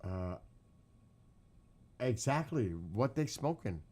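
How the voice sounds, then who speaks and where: A man's voice: medium pitch, expressive, slow, warm tone, breathy edge. A man with a New York accent chatting casually with his live-stream viewers late at night, quizzing the chat and laughing often.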